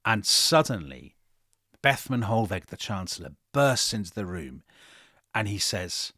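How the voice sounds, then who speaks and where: A man co-hosting a history podcast, retelling events in a dramatic, animated way. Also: lowish voice, a little slow, no room sound, clean studio sound. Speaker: podcast co-host. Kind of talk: storytelling history chat.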